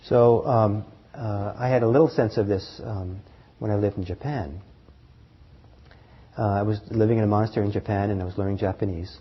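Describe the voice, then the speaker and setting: A man teaching meditation to a live group, talking in a halting way with fillers, restarts and soft chuckles. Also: on the low side, fairly even intonation, husky. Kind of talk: dharma talk to a group. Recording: dull lo-fi talk recording.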